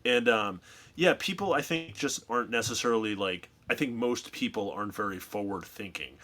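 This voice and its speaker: A man's voice: lowish voice, moderate pace, bright, forceful tone. A man, a guest on a podcast, talking in a loose, rambling way full of "like" and restarts. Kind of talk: casual podcast chat.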